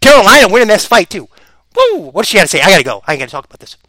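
A man giving casual, rambling reaction commentary as a vlogger, excitable and quick to laugh. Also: sits high, dry recording, poor audio.

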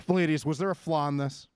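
Teasing guy, kinda high voice, swears a lot, casual chat, dry sound. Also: steady tone, moderate pace, clear, resonant tone, dry recording. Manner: brash, teasing and profane. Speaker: podcast co-host.

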